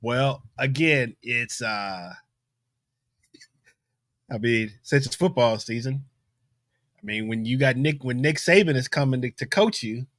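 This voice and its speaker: A man's voice: medium pitch, measured pace, long pauses, fairly bright tone, dry recording, studio quality. A man co-hosting a podcast in casual, laid-back chat, often chiming in to agree. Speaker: podcast co-host.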